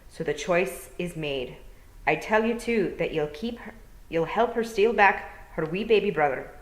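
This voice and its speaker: A woman voicing a tiny, shrewd, dying old pixie clan mother who speaks slowly and weakly in a put-on Scottish accent. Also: lowish voice, expressive, pitched above the performer's own voice. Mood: commanding. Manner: slow, weak, murmuring. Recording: roomy echo.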